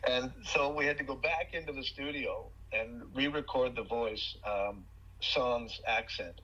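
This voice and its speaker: A man with a very bright, husky voice tells lively stories as a guest on an interview podcast. He restarts phrases and fills pauses as he goes. The sound is muffled and lo-fi. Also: medium pitch. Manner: animated storyteller, frequent fillers and restarts. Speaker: guest actor.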